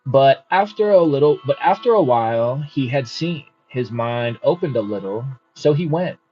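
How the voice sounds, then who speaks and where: A man's voice: medium pitch, animated, moderate pace. A man hosting a book study, reading aloud unhurriedly and adding casual comments. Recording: muffled with faint music.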